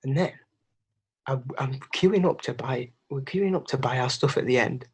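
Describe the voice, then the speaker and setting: A young man with a husky, breathy voice tells a holiday mishap story on a podcast. He talks in a casual, animated way and swears freely. His pitch sits in an ordinary middle range. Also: normal speed. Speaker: podcast co-host.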